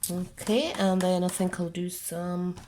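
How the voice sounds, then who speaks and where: Scottish woman, relaxed unhurried craft demonstrator, chatty and self-narrating. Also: fairly low pitch, a little hiss or hum. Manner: chatty, talks herself through each step. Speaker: card-making demonstrator. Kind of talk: casual crafting tutorial.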